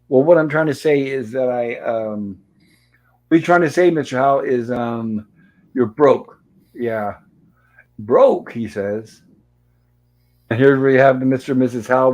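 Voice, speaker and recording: A man's voice: mid-range voice, a little mellow, rough recording. A man hosting a show, casually retelling old TV episodes scene by scene, reading the characters' lines aloud and adding dry asides. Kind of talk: casual recap and commentary.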